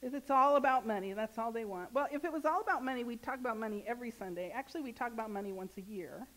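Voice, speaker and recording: Woman, minister, high-pitched voice, chatty joking sermon, questions to the congregation. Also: fast, rough recording. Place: church sanctuary.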